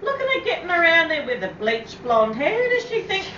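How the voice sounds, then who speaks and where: A woman doing a nosy, forgetful old lady with a high, bright voice who stammers and scolds her way through the gossip. She sounds roomy and far from the mic. The recording is dull home video. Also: sing-song, brisk, a little hiss or hum, full character voice. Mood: gossipy. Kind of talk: comedy sketch dialogue.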